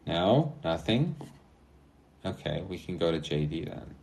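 A man's voice: sits low, very animated, a little slow, creaky, darkish tone. A man co-hosting a call-in podcast, talking casually and rambling with lots of fillers, laughing at his own jokes. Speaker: podcast co-host. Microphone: remote call-in app.

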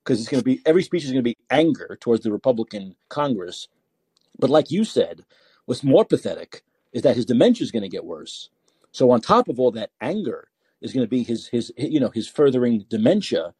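A man's voice: medium pitch, very animated, a little fast, darkish tone, breathy edge, no echo, studio quality. An older man hosting a political call-in podcast, talking in a sarcastic, exasperated way and repeating himself for emphasis. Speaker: podcast host.

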